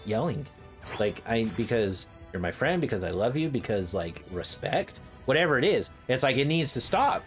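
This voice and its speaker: Excitable young male streamer who rambles and laughs, music behind. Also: medium pitch, moderate pace. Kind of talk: casual chat.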